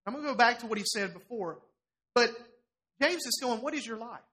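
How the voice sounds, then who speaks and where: A middle-aged man preaching a sermon to a congregation in a church, animated and challenging as he voices scripture. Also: very high voice, a little fast. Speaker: pastor.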